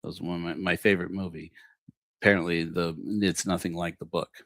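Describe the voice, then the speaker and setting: Guy in his 40s hosting a livestream, low-ish voice, dry close mic, acts out the dialogue. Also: flat delivery, a little fast, no echo. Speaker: livestream host. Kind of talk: personal storytelling.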